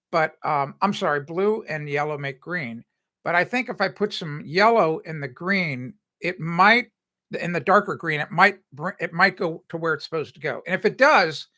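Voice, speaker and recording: A man's voice: high-pitched, bright, forceful tone. An older man hosting a home improvement live stream, chatting casually and rambling, correcting himself and laughing often. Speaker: home improvement show host.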